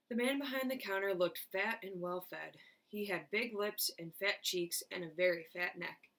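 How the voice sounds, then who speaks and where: A woman teacher reading a children's chapter book aloud with clear, expressive narration. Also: on the low side. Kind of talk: storybook read-aloud.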